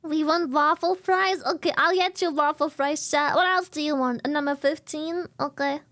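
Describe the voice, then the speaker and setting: Rich: A woman with a notably high voice chats with her stream audience in a loose, playful way. She tosses in singsong little asides as she talks. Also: fairly even intonation, moderate pace, fairly bright tone. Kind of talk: casual chat with viewers.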